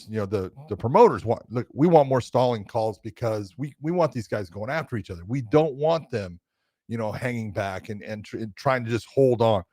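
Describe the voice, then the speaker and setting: A man co-hosting a casual podcast talks in long, rambling stretches, leaning on "you know" as he goes. His voice is mid-pitched for a man. The recording is dry and close. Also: darkish tone, dry recording. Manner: rambling, full of "you know", acts out quotes. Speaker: podcast co-host, grappling referee.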